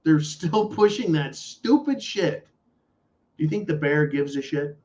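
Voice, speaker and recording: A man rants on his own talk show, blunt, angry and full of profanity. His voice sits a little high for a man. The audio is muffled and lo-fi. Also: expressive, unhurried, darkish tone. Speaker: podcast host. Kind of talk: political commentary rant. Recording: dull lo-fi audio.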